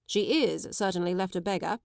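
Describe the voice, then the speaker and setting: A woman's voice: lowish voice, a little fast, gravelly, no echo. A woman reading an audiobook, voicing a dry, brusque middle-aged male solicitor with a clipped, disapproving manner.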